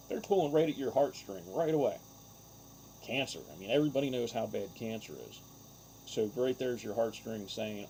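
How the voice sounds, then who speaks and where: A man's voice: mid-range voice, mellow, a little hiss or hum. A man, a farmer, telling stories in a casual, rambling and aggrieved way, with many filler words. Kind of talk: casual storytelling monologue. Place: outdoors on a farm.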